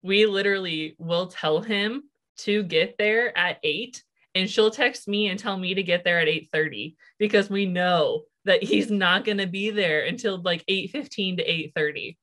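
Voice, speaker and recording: A young woman co-hosting a podcast in casual chat, talkative and quick to laugh, her voice jumping higher when she gets excited. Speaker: podcast co-host.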